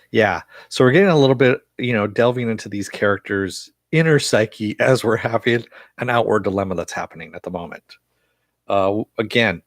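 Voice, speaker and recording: A man's voice: mid-range voice, no room sound. Casual, profane man recapping a show. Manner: loose, profane, chatty with frequent fillers. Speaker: show reviewer.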